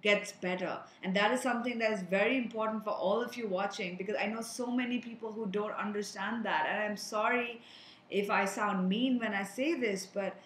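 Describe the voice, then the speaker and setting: A woman speaks earnestly to her viewers, offering spiritual advice in a steady, mid-pitched voice. Her words ring out in a noticeably echoey room. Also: moderate pace, a little hiss or hum. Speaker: energy reader and healer. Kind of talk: spiritual energy reading to viewers.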